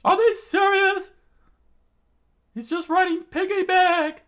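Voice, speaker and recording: A man voicing a hot-tempered young male pirate cook who screams his lines in a shrill voice. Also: little pitch movement, slow. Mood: screaming alarm.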